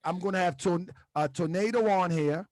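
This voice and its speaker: A middle-aged man hosting an online talk show in a relaxed, rambling way, pausing often with "um" and "uh". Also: high voice, no echo. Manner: relaxed and rambling, many "um" and "uh" pauses, laughs easily. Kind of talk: casual livestream chat.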